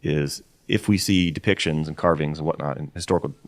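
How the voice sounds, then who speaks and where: Deep fast-talking man, dry sound. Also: dry recording. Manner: earnest, with repeated false starts. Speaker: guest on a creationist video. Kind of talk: earnest interview discussion.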